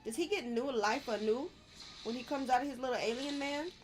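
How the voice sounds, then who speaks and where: Excitable woman streaming a game. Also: high-pitched, fairly quick, faint music behind. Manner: excitable, reacting out loud with squeals and laughter. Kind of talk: live gameplay commentary.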